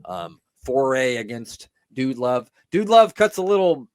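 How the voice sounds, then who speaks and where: A man hosting a casual wrestling podcast, relaxed and rambling with frequent laughs. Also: mid-range voice, measured pace, clean tone, dry recording. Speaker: podcast host.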